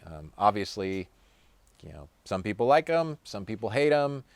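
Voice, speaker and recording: A man's voice: fairly low pitch, very animated, normal speed, smooth, dry recording. A middle-aged man, a former touring punk musician, relaxedly recounting a tour story with many fillers. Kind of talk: storytelling anecdote.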